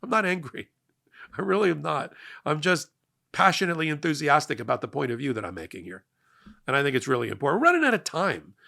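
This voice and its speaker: A man's voice: fairly high pitch, quick pace, gravelly. A middle-aged man delivering a passionate, emphatic political monologue as host of a commentary show. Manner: emphatic, energetic, rising to loud peaks.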